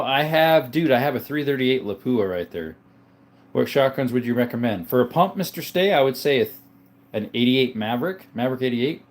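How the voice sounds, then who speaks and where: A man hosting a livestream, casually reading viewer comments aloud and answering their questions one by one in a laid-back way. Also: fairly low pitch. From Arizona, US. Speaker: livestream host.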